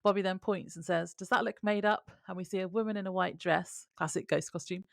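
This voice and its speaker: Gravelly low-voiced woman recapping. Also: fairly even intonation, fairly quick, no room sound, studio quality. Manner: reads plot notes aloud in a conversational way. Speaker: podcast co-host. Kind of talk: casual TV episode recap.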